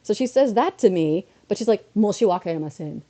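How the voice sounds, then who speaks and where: A woman streamer from North America telling a story in a casual way, slipping into quoted voices as she goes, a bit under the weather. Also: medium pitch. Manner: animated storytelling with quick switches into quoted voices.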